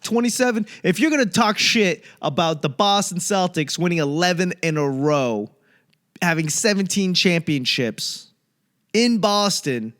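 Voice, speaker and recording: A man's voice: high-pitched, expressive, unhurried, a bit bright. A man from the United States, a comedian and podcast host, rambling through a solo monologue full of profane, ranting tangents and comic asides.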